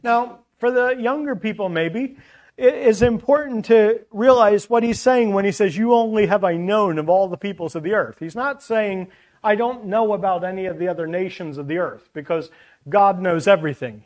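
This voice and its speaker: A man's voice: sits high, moderate pace. A man preaching a sermon, teaching earnestly from scripture with chatty asides to the congregation.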